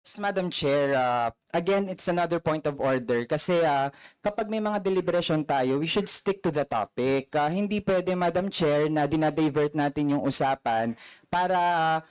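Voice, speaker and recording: A man's voice: on the high side, normal speed, smooth, poor audio. A man with a Filipino accent, a legislator making firm, argumentative points of order at a hearing. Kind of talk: formal hearing remarks.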